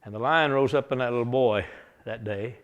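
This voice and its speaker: A man preaching a revival sermon, telling a Bible story in a folksy, animated way, often chuckling. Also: mid-range voice, brisk, lo-fi sound.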